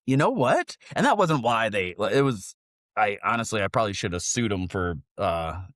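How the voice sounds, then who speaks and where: He talks briskly in a fairly low voice, recorded in clean studio conditions with no room sound. The speaker is a US man in his forties co-hosting a podcast, telling wandering, profane stories with lots of animation in relaxed conversation.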